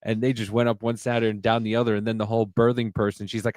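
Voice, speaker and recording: A man talking in a casual podcast chat, rambling and animated, swearing freely. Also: fairly low pitch, fast talker, no room sound. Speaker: podcast host.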